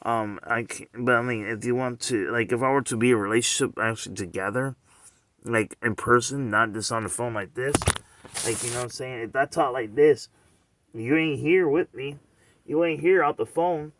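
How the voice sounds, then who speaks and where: A man's voice: medium pitch, normal speed, a bit bright, no room sound. A man talking straight to the camera in a loose, rambling monologue, circling back again and again with rhetorical questions and "you know what I'm saying.".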